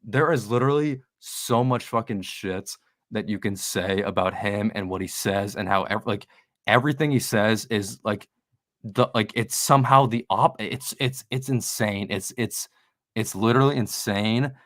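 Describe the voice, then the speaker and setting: A man's voice: on the low side, normal speed, a bit bright, no room sound, clean studio sound. A man on a casual podcast chat, a sneaker YouTuber guest who rambles heatedly, swears and restarts his sentences.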